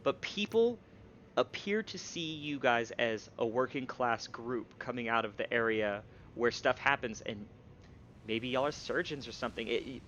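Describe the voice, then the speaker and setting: A man's voice: medium pitch, lively intonation, moderate pace, a bit bright, muffled recording, a little hiss or hum. A man narrating as game master of a tabletop game, rambling with fillers and restarts.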